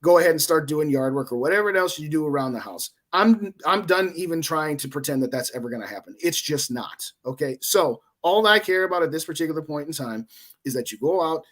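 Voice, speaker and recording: Forties male co-host, opinionated rambler, fairly high voice. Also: fairly bright tone. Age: 40s. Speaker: podcast co-host. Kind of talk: casual sports talk.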